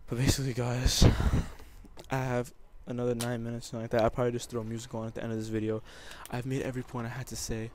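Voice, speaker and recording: A man's voice: medium pitch, little pitch movement, very fast, few pauses, darkish tone, slight background noise. A young man making an emotional, teary proposal over a gaming commentary, rambling and repeating himself. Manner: rambling and repetitive, often saying basically. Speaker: YouTuber.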